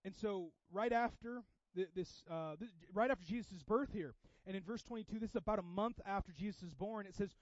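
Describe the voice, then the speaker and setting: A man preaches with a high, lively voice, pushing some lines hard and dropping others to a hush. The recording is dry and a little dull. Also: a little fast, no room sound. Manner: animated, swings from loud emphasis to quiet intensity. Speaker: pastor. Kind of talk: sermon.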